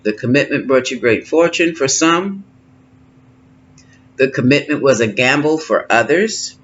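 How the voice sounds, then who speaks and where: A man doing a tarot card reading, musing and thinking aloud with pauses, recorded at home. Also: mid-range voice, expressive, fairly bright tone. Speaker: tarot reader. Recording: slightly dull lo-fi sound with faint noise.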